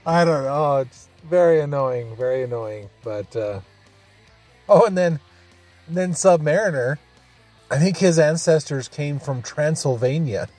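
A man's voice: on the high side, expressive, measured pace, pauses often, darkish tone, soft background music. Rambling man chatting casually. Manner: rambling, chuckling, with many fillers. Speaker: podcast host reviewing a radio adaptation. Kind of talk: casual review chat.

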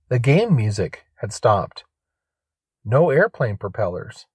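A man narrates an audio drama at an unhurried pace, in a middle-pitched voice. His storytelling is measured and even. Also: breathy edge, no echo.

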